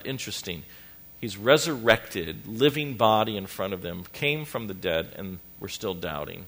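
Male pastor, middle-aged, bright forceful voice, emphatic sermon delivery. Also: on the low side, expressive, normal speed. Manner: emphatic preaching with rising intensity.

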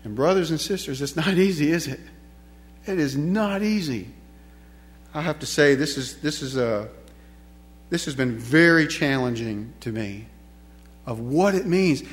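A man's voice: fairly high pitch, lively intonation, unhurried. A man preaching a sermon in a church, emphatic and repetitive, asking the congregation rhetorical questions. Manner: emphatic, repeats key phrases, asks rhetorical questions.

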